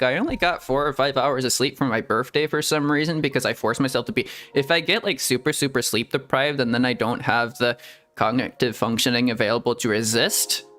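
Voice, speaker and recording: A live streamer chats at a mid pitch, giggling between nearly every sentence. The talk rambles and doubles back in a silly, self-correcting way. Quiet music plays faintly behind the voice. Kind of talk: casual live-stream chat. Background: faint background music.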